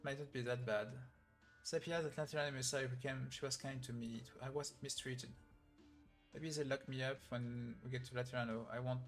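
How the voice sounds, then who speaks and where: A man reading the lines of a grieving, guilt-ridden young woman from a game story in a flat read-through. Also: mid-range voice, a little fast, faint music behind, natural voice.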